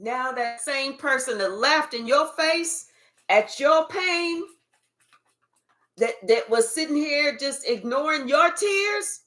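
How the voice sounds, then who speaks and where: A woman's voice: sits high, lively intonation, takes it slowly, a bit bright. A woman giving a spiritual reading in an emphatic, profane, repetitive way. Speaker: tarot reader.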